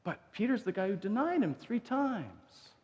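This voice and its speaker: A man's voice: sits high, very animated, measured pace, a little mellow, lo-fi sound. A man preaching a sermon, telling the story in a conversational way and acting out the quotes. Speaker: pastor. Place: church sanctuary. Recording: long church reverb.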